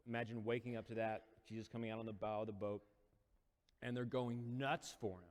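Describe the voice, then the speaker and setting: In a relaxed storytelling sermon, a male preacher recounts a Bible story, performing the quoted lines with mounting intensity. His fairly low voice stays level in tone and moves a little fast. The recording carries long hall reverb.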